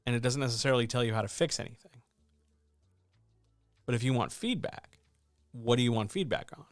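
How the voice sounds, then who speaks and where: A writing coach and editor gives casual, emphatic instruction to writers, often posing rhetorical questions. His mid-range voice moves briskly with long pauses, captured in studio quality with no echo.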